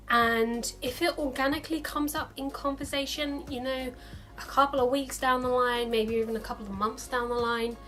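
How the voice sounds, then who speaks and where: A woman's voice: sits high, a bit bright. A young adult woman vlogging casually to camera in a chatty, upbeat way, acting out the lines of other people now and then.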